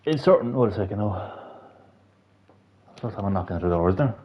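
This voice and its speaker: A young Irish man chatting on his livestream in a lowish voice, rambling, swearing freely and restarting his sentences. He talks loosely, like a regular host with his viewers. The sound is dull and lo-fi, as if from a cheap mic. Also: animated, a little fast, slight background noise. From Ireland. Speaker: gaming channel host. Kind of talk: casual livestream chat.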